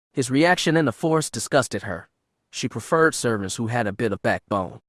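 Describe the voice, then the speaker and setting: A man narrating an unabridged science-fiction audiobook in a steady, measured way. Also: mid-range voice, no room sound, studio quality. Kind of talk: scripted narration.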